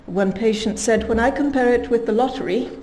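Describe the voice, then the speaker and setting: A woman giving a scientific conference talk at a measured pace, reading quotes aloud with emphasis. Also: a little high, mellow, a little hiss or hum, poor audio. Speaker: conference speaker.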